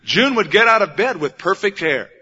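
A man's voice: high voice, very animated, normal speed, pushed and bright, breathy edge. A man preaching a sermon as a pastor, plain-spoken and conversational, asking the audience rhetorical questions. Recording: dull lo-fi recording.

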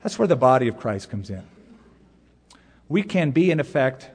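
Man, middle-aged, pastor preaching, earnest, emphatic, medium pitch, long hall reverb. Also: sing-song, darkish tone, breathy edge. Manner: earnest preaching with pauses and sudden emphatic rises. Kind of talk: sermon.

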